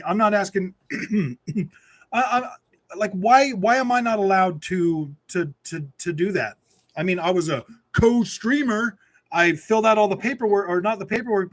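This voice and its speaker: A man hosting a gaming livestream, ranting in frustration with lots of stammered restarts while reading chat. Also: on the high side. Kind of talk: ranting live stream chat.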